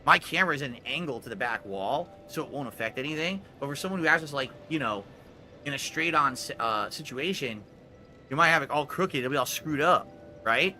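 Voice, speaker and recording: A man's voice: a little high, expressive, brisk, sharp tone, slight background noise. A man livestreaming from his room at home, chatting casually with his viewers and thinking aloud as he works on a task with his hands. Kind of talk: casual live-stream chat. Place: home room with foam soundproofing on the wall.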